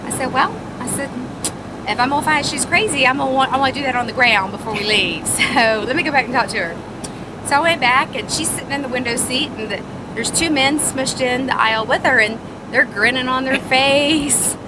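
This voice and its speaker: High-voiced woman telling a work story. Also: a little fast, background noise. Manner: chatty, laughs through the telling. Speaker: flight attendant guest. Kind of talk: casual anecdote.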